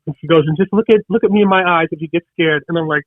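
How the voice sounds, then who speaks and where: A man's voice: a little high, no room sound, narrow, tinny audio. An older man, the hosts' father, telling a story in casual chat and acting out what others said. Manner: rapid, excited storyteller acting out others' lines.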